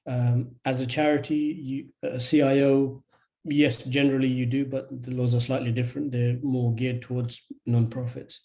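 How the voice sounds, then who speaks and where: A man answering questions on a webinar video call, measured and hesitant with many fillers. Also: medium pitch, flat delivery, mellow, poor audio. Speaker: charity registration advisor.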